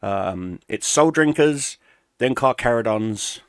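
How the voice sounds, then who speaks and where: A man chatting casually through a life update for his gaming channel, rambling and relaxed, pausing to snack. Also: lowish voice, dry recording, studio quality. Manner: rambling, relaxed, eating snacks while talking. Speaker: gaming YouTuber.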